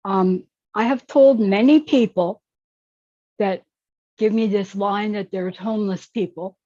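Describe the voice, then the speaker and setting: A woman's voice: mid-range voice, a little slow, dark tone, dry recording, muffled recording. A woman speaking bluntly and outspokenly as a panelist on an online call. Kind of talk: opinionated remarks.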